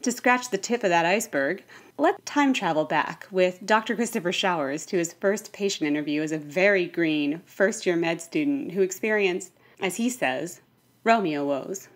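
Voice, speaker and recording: A woman's voice: fairly low pitch, lively intonation, normal speed. A woman reading a scripted introduction with a wry, playful delivery. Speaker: narrator. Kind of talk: scripted narration.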